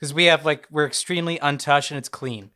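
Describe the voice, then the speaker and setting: A man's voice: on the high side, steady tone, a little fast, bright, forceful tone. A man from Indiana chatting casually on a podcast, joking and swearing freely. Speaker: podcast host. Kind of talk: casual chat.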